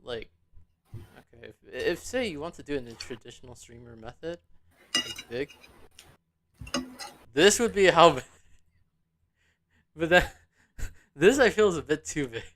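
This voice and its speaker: A man's voice: fairly high pitch, expressive, a little slow, long pauses, noisy background. A man hosting a podcast in casual chat, talking loosely and stammering on restarts. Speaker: podcast host.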